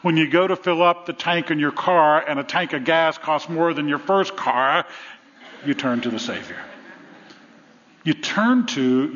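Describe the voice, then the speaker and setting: A man's voice: fairly high pitch, fairly bright tone. A man preaching a sermon as pastor, earnest and fond of repeating phrases in threes. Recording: long reverb, dull lo-fi sound.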